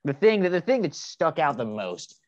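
A man in a casual car chat, telling stories in a relaxed way. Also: fairly high pitch, normal speed, highs cut off.

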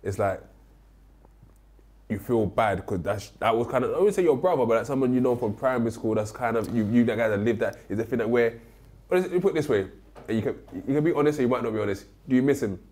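A man's voice: mid-range voice, fast talker, darkish tone. A man interviewing a guest, asking questions in a hesitant way and often restarting them. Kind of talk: casual interview.

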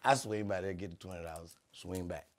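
A young man telling comedic stories on a podcast, animated and slipping into character voices. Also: deep voice, a little fast. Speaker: podcast host. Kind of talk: comedic storytelling.

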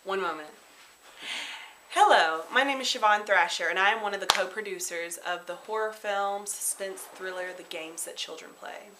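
Woman co-producer pitching from far off. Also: moderate pace, bright, forceful tone, a little hiss or hum. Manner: direct, appealing for support. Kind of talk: promotional pitch to camera.

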